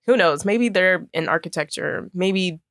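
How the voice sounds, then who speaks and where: A woman's voice: on the low side, a little slow, fairly bright tone, no room sound, studio quality. A young woman from Maryland, a fashion designer, chatting casually as a podcast guest and using lots of fillers. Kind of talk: casual conversation.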